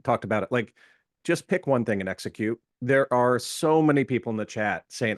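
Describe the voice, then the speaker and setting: A man's voice: mid-range voice, big pitch swings, normal speed, no echo, clean studio sound. A man giving casual feedback as a workshop panelist, emphatic and insistent, often restarting words, over a video call.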